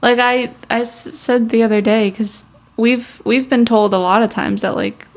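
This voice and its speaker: A young woman from Long Island with a mild Long Island accent, co-hosting a podcast in casual chat, blunt and quick to laugh. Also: on the high side, lively intonation. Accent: Long Island, New York (mild). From Long Island, New York. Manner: laughs often, chatty and blunt. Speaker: podcast co-host.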